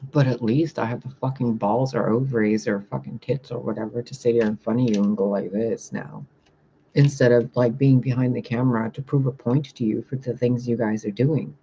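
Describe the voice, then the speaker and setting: A spiritual reader speaking bluntly and profanely in a casual livestream rant, reading out viewer comments and answering them. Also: male voice, mid-range voice, steady tone, brisk, gravelly, warm tone, dull audio, slight background noise.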